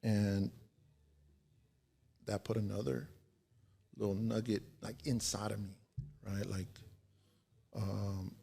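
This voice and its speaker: A man's voice: lowish voice, flat delivery, slow pace, creaky, long pauses, mellow, breathy edge. A man in his forties, a podcast guest, tells a story in a laid-back, slangy way, swearing and checking in with "right?". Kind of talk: casual storytelling.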